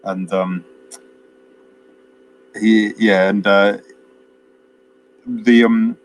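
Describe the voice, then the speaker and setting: A man chats casually about a film, his voice a touch low and wandering through fillers and restarts with small chuckles. He sounds like a podcast co-host recorded at home, with a faint hum behind him. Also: fairly even intonation, low-quality recording. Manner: rambling, halting, with frequent fillers and chuckles. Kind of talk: casual chat, retelling a film plot.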